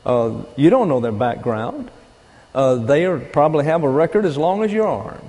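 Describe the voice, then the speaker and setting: An older man preaching a sermon, teaching deliberately and with emphasis, pausing for asides. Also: on the high side, very animated, mellow, slightly rough. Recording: long reverb of a large hall.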